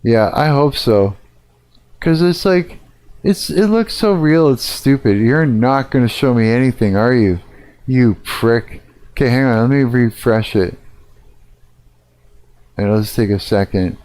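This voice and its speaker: A man's voice: medium pitch, measured pace, long pauses, darkish tone. A middle-aged man ranting casually on a live stream, swearing a lot and rambling with fillers.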